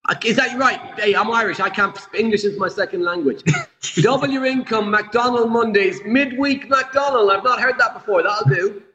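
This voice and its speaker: High bright guy hosting a chat, quick and jokey, echoey room. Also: dull audio. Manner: brisk and teasing. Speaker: podcast host. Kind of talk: casual interview.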